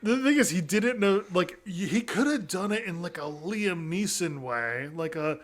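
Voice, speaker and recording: A man co-hosting a casual podcast chat, animated and swearing, acting out characters as he talks. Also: sits high, normal speed. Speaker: podcast co-host.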